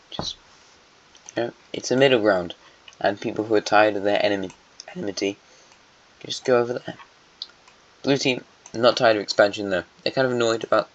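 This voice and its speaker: This is casual rambling commentary from a man walking through an alternate-history map, pondering aloud and revising his words as he goes. His voice is fairly low in pitch and fairly bright, captured on a dull lo-fi mic.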